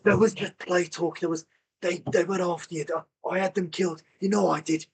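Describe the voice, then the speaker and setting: A groveling, desperate villain pleads and bargains in a raised, pitched-up voice, wheedling for mercy, as a man puts him on. He sounds cornered and breathless, promising anything to be spared. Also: steady tone, a little fast, vocal fry, husky, full character voice. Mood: pleading. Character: pleading male villain begging for his life.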